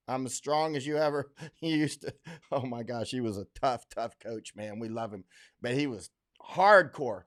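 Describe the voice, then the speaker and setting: A middle-aged man from Florida hosting a casual livestream, rambling with many fillers and restarts, blunt and emphatic as he reads viewer comments. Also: mid-range voice. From Florida, USA. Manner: blunt, emphatic, laughs often.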